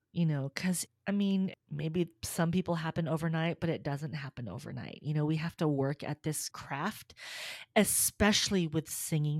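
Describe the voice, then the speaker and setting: A woman's voice: low-pitched, no room sound, clean studio sound. A middle-aged woman, a soprano and voice teacher, chatting in an interview and telling stories with acted-out quotes and frequent laughter. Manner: animated storytelling, acts out quotes, laughs often. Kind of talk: casual interview chat.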